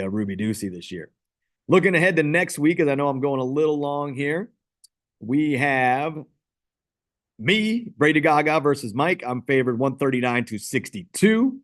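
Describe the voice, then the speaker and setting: A man hosting a casual fantasy football league recap, rambling and self-deprecating. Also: medium pitch.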